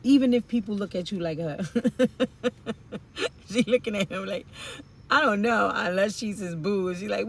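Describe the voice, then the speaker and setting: A woman's voice: mid-range voice, moderate pace, creaky. A woman giving an intuitive tarot reading, musing aloud in informal slang with rambling asides and fillers. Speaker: tarot reader.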